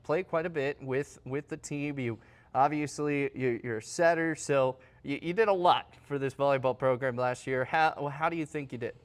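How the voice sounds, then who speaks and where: A man's voice: medium pitch, moderate pace. A man hosting a sports interview show, asking long, rambling questions in a casual way.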